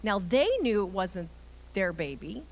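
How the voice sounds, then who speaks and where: A woman's voice: medium pitch, lively intonation, a little slow, a little mellow, rough recording. A woman pastor preaching a live sermon in a church, earnest and building emphasis as she speaks. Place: church sanctuary.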